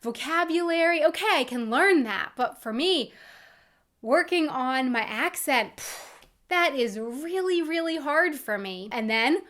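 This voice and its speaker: American woman vlogger, high voice, frank and self-deprecating casual talk. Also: animated, measured pace, a bit bright. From United States. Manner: candid, self-deprecating, with restarts.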